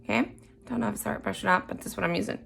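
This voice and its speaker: A beginner makeup vlogger, a woman, is filming her first tutorial, chatting casually and sounding unsure of herself. Her medium-pitched voice is rapid-fire and creaky, softening into murmurs as she concentrates on the brush work, with background noise behind her.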